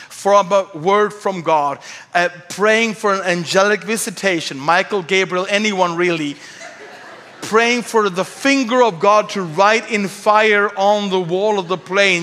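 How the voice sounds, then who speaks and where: A Swedish-accented male pastor tells a lively, self-mocking story from the pulpit. His voice sits high and bright. The sound carries the long reverb of a large church hall. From Sweden. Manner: animated, self-mocking humor, acts out voices. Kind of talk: storytelling sermon.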